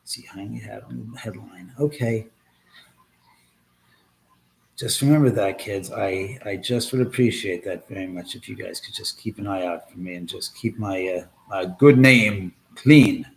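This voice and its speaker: A man's voice: on the low side, measured pace. A man hosting a casual livestream from his home, rambling and joking crudely with viewers and laughing often. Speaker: livestream host.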